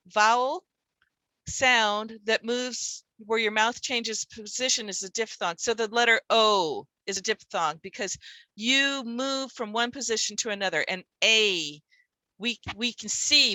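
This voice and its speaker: A woman's voice: mid-range voice, pushed and bright, no room sound, low-quality recording. A middle-aged woman leading a teaching workshop, explaining in a conversational way with rhetorical questions. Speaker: literacy teacher trainer.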